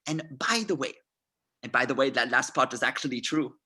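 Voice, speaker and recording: A script reader voicing a cunning, smooth-talking male SS colonel in a theatrical, mock-polite way, swinging between hushed and loud. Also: mid-range voice, lively intonation, fairly quick. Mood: demanding. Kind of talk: amateur script reading.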